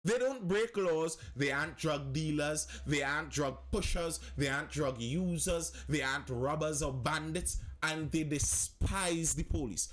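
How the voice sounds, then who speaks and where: A man's voice: fairly high pitch, measured pace, few pauses, fairly bright tone. A man hosting a live-stream commentary. He talks with passion, repeats phrases for emphasis and answers viewers' comments as he goes.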